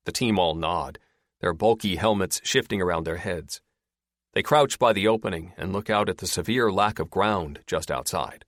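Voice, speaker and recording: A man narrating a paranormal audiobook in expressive scripted storytelling. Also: deep voice, normal speed, dry recording, studio quality.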